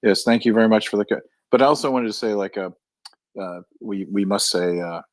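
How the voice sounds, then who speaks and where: A man speaking haltingly in a live audio discussion, full of fillers and restarts. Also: fairly low pitch, dry recording. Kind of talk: casual discussion.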